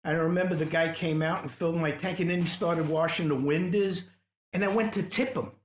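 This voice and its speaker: A man from Queens tells stories and teases his friends, acting out what people said. His voice sits fairly high, and it rings in a roomy space around the mic. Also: fairly quick. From Queens, New York. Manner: teasing, animated storyteller who quotes people. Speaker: podcast co-host. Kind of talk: casual chat.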